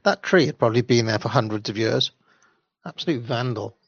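A man's voice: medium pitch, fairly quick, faint music behind. A man chatting casually as co-host, reading out the live chat and making wry, rambling asides. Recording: dry lo-fi sound.

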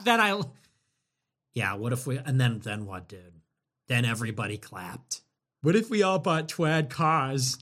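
A man hosting a livestream, talking casually and sarcastically in a rambling way that swings between loud and muttered. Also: medium pitch, very animated, slow. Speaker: livestream host. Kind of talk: casual livestream talk reading viewer messages.

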